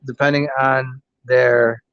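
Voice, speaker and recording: A man's voice: mid-range voice, level tone, slow pace, clean tone, no echo. An American man casually chatting on a livestream, profane and joking, rambling with lots of restarts. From United States. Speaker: livestream host reading chat. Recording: dry, dull lo-fi stream audio.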